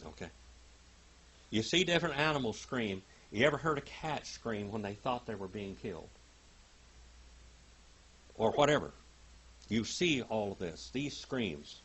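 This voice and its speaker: Teaching a Bible class, an older man reads Greek aloud one word at a time and tells stories with dramatic emphasis, his volume swinging widely. His lowish voice is animated and unhurried, with a breathy edge and long pauses.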